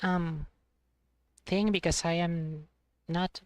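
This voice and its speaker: A woman livestreamer in casual chat, rambling and halting with many restarts. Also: on the low side, steady tone, a little mellow, no room sound.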